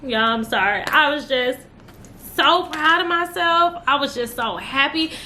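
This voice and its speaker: A young woman talks straight to her viewers in a loose, emotional vlog chat. Her voice is bright and sits a little high. A faint hum of room noise runs underneath. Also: lively intonation, a little slow. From Texas. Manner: chatty, emotional, addresses viewers as y'all. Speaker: vlogger, newly licensed nurse. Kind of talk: casual chat to camera.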